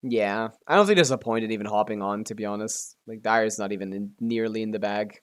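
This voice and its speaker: A man's voice: on the low side, brisk, smooth. A male streamer chatting casually while playing and guessing, mumbling, correcting himself, and swearing now and then. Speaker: game streamer.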